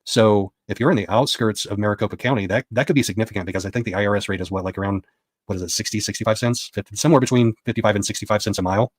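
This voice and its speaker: A man's voice: lowish voice, rapid-fire, no echo. A man giving a casual spoken recap of a court session as a reporter, retelling what was said with quoted dialogue.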